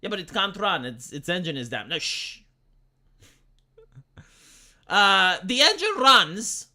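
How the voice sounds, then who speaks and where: A man streaming live, reacting to film reviews with sarcastic, profane rants and halting restarts. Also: high voice, lively intonation, bright, forceful tone. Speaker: livestreamer.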